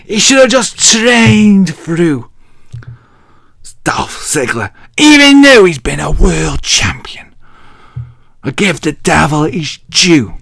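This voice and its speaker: Slow, gravelly man. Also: sing-song, a bit bright, dry recording, clean studio sound. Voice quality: deep, masculine. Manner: rambling, jokey and self-mocking. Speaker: wrestling vlogger. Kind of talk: casual wrestling recap.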